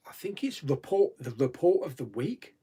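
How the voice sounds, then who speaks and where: A man's voice: fairly high pitch, big pitch swings, normal speed, mellow, slightly rough. A man hosting a live chat stream, casually reading out viewer questions and answering them with frequent laughs. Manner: chatty, laughs often, reads viewer comments aloud.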